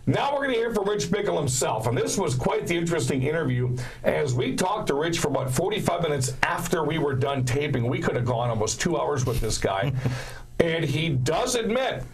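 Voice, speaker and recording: A man's voice: a little high, big pitch swings, fairly quick, creaky, poor audio. A man hosting a motorsport radio show, introducing segments in an upbeat, hearty way.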